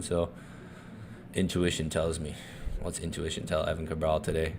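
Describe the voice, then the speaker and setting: A man hosting a live trading stream, chatting loosely and swearing, swinging from hyped call-outs to low muttering. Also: steady tone, normal speed, fairly bright tone, a little hiss or hum. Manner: loose and profane, swings between hype and muttering. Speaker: forex trading livestream host. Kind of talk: casual live-stream chat.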